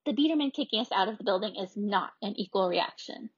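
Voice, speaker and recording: A woman voicing a science-loving girl who insists she is right, loud and emphatic. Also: mid-range voice, expressive, fast, slightly rough, no room sound, highs cut off. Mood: insistent.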